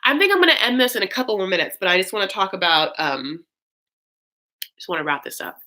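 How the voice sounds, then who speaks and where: Bright-voiced woman chatting on a livestream. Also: medium pitch, very animated, fast talker. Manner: rambling, filler-heavy, effusive thanks to viewers. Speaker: host of a live recap stream. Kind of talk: casual livestream chat.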